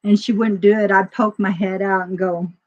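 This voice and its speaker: A woman telling a personal story to a live audience in a casual, emotional way, laughing often and swinging between loud and quiet. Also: medium pitch, steady tone, normal speed. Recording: dull lo-fi sound.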